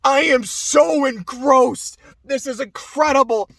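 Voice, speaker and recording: A man giving an off-the-cuff movie review, rambling and excitable, swearing and laughing often. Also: extremely high pitch, slow pace, no echo.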